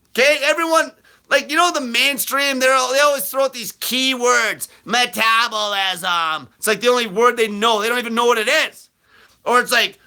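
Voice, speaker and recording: High, bright shouting ranter, man. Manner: profane, blunt, aggressive; fast bursts of shouting. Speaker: host answering viewer questions. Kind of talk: live Q&A rant.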